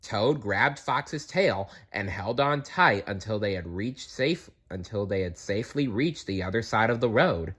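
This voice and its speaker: A man reading a children's story aloud in an expressive way, sometimes correcting himself. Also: fairly low pitch, husky. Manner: slow, expressive reading with small self-corrections.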